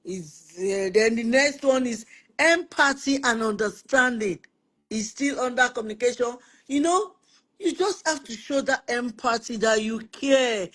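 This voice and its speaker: Animated woman teaching on marriage. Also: a little high, a little slow. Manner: animated, acts out spouses' quoted lines; repeats words for emphasis. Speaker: host of a Christian family talk show. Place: online live stream.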